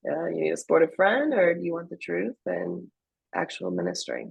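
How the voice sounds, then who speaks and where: A woman with a deeply gravelly, husky voice tells her personal testimony in an interview. She speaks haltingly, restarting her sentences and filling pauses with "um." The sound is close and dry. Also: expressive, no echo, poor audio. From Afghanistan. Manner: emotional, halting with many fillers and restarts. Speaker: interview guest.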